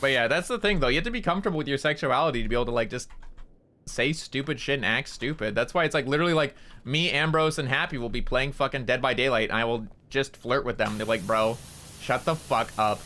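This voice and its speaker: A man's voice: medium pitch, fast, bright, forceful tone, poor audio. A young man streaming a game in casual chat, rambling, joking and swearing freely as he talks to his viewers.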